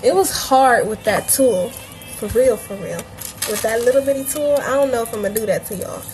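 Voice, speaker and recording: Woman, young adult, higher voice, a bit hoarse, casual livestream tutorial, chatty, faint music behind. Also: a little fast, a little mellow, low-quality recording. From Cleveland, grew up in Atlanta. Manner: chatty, loose and talks straight to viewers. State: a bit hoarse, feels she is losing her voice. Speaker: jewelry maker hosting a livestream tutorial.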